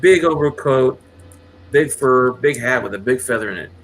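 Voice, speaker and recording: A man's voice: mid-range voice, lively intonation, moderate pace, slight background noise. A man casually telling a long, rambling story, with many restarts and acted quotes. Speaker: channel host.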